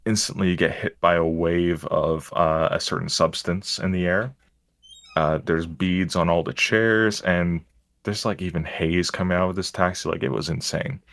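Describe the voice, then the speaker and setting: A man's voice: sits low, fairly even intonation, moderate pace, fairly bright tone, dry recording. A man, a stream guest, telling stories in casual chat, rambling and self-mocking with frequent restarts.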